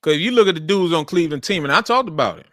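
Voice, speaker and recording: A man with a bright, forceful voice and a slightly high pitch gives loose, casual football commentary. He repeats his points for emphasis and speaks in a colloquial way. The sound is dry and close, with little room echo. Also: lively intonation, very fast. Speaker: sports show host.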